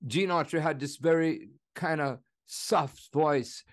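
A man in his seventies with a Jamaican accent, telling stories in an animated, laughing way as an interview guest. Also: on the high side, slow. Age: 70s. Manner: animated, laughing, slips into impressions. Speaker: guest musician. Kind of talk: conversational storytelling interview.

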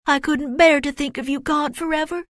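A woman's voice: high voice, steady tone, normal speed, dry recording, studio quality, pitched above the performer's own voice, natural voice. A woman reading a storybook, voicing a clingy young schoolgirl who gushes over a boy. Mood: gushing. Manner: gushing, pleading.

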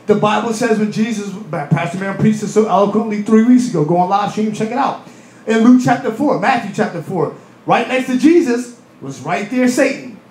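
High-voiced animated male preacher, echoey church. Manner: animated preaching, acting out voices, laughing asides. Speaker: pastor. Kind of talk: sermon. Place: church hall.

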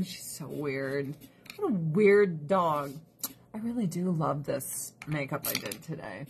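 A woman's voice: sits low, sing-song, takes it slowly, gravelly, a little hiss or hum. A woman vlogger giving casual, sarcastic ranting commentary, laughing often and talking to her pets and viewers.

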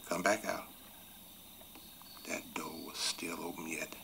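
A remorseful runaway on a raft speaks in a very low, gravelly rural Southern voice with a bright, forceful tone. He talks slowly and from the heart, sinking into near-whispers. A faint hiss of night ambience sits under him. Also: level tone, heavily acted. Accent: Southern US rural dialect. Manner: slow heartfelt storytelling, drops to hushed whispers. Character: runaway grown man on a raft, tender, remorseful. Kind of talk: 1980s TV film drama acting.

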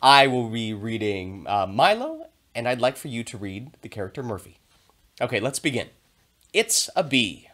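A man teaching a theater video lesson to young children, speaking in a clear, encouraging and expressive way. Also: medium pitch, normal speed.

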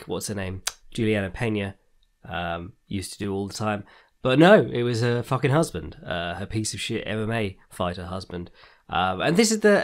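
A man hosting a casual fight-sports podcast, rambling and profane, often laughing at his own asides. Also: medium pitch. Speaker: podcast host. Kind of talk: casual MMA commentary podcast.

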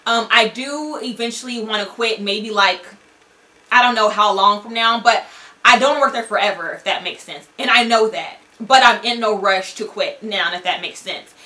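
A woman's voice: medium pitch, normal speed, bright, forceful tone. A young woman vlogger chatting candidly to camera in a casual, rambling way, full of likes and ums.

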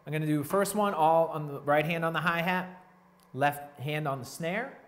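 A man's voice: fairly high pitch, normal speed. Laid-back man teaching drums. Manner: relaxed, explains step by step, counts beats aloud. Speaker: drum teacher. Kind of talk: casual drum lesson. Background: drum playing.

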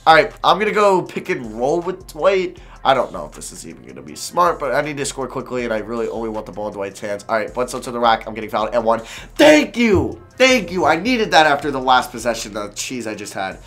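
A man giving live commentary over his own basketball video game, excitable and quick to frustrated outbursts. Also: mid-range voice, faint music behind. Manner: excitable, swings between calm and frustrated outbursts; swears and groans at misses.

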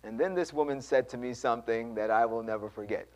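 Animated male preacher telling a story. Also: medium pitch, fast. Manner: animated, acts out dialogue, addresses congregation. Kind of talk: sermon storytelling. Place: church.

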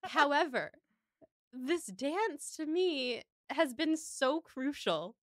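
A woman's voice: sits high, sing-song, slow pace, no echo, clean studio sound. A woman co-hosting a podcast, casually recapping a film in enthusiastic, rambling detail. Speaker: podcast co-host.

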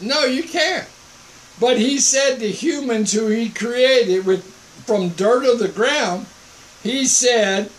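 High-voiced older man, mock-calm preaching. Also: a little hiss or hum, rough recording. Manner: mock-calm, sarcastic, emphatic. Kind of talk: informal online preaching.

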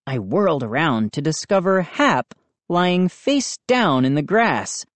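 A woman narrating a children's storybook in a low voice. She reads slowly but with a lively, swooping delivery. She is dramatic and expressive. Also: no room sound. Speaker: audiobook reader.

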